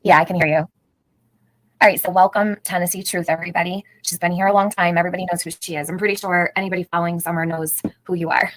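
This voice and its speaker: A middle-aged woman with a fairly low, steady voice hosts a casual livestream, talking fast. She chats, greets viewers by name and laughs often, on a rough recording with no room sound.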